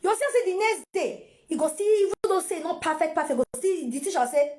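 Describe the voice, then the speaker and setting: A woman's voice: very high-pitched, expressive, brisk, a little mellow. A Nigerian woman and mother giving casual parenting advice to camera, repeating phrases and mixing in pidgin.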